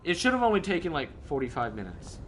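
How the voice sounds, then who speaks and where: A man telling a story in casual chat with friends, animated and swearing, often laughing and acting out people's voices. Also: a little high, fast. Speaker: streamer. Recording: faint background noise.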